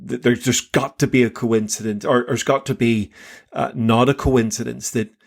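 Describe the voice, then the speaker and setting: An older man co-hosting a Bible podcast, talking excitedly in halting bursts, repeating words as he goes. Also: mid-range voice, creaky. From England. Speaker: podcast co-host. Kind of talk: casual Bible discussion.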